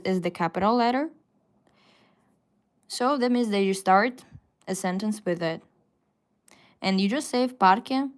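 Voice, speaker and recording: Slow-paced woman teaching on a live stream. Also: mid-range voice, clean tone. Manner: slow, patient explaining with frequent fillers. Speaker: Russian language teacher. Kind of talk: live-stream language lesson. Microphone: phone.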